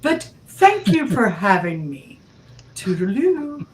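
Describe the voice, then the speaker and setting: A woman on a casual music panel, tossing in quick joking asides. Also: on the low side, lively intonation. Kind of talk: casual chat. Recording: distant mic with faint noise.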